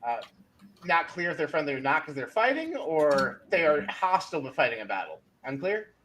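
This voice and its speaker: A man's voice: a little high, big pitch swings, moderate pace, fairly bright tone, poor audio. A young man chatting wryly as a player in a tabletop game, poking fun at himself. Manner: wry, self-mocking. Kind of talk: casual chat in a tabletop game.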